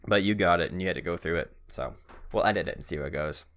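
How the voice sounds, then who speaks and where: Speaking fast in a deep, slightly bright voice, a young man hosts a podcast. His casual storytelling leans on self-mockery as he acts out each side of an exchange, with stumbles and restarts along the way.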